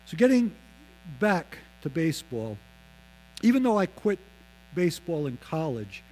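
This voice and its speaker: A man in his fifties telling a personal faith testimony, acting out the voices of others and dropping low and slow on solemn lines. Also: very animated, darkish tone, poor audio. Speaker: speaker giving his testimony.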